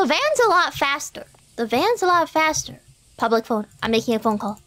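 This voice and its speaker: A woman streaming a driving game, chatting to herself in an excitable, talkative way as she plays. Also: high voice, brisk. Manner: chatty, excitable, talks to herself while playing. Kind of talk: live game commentary.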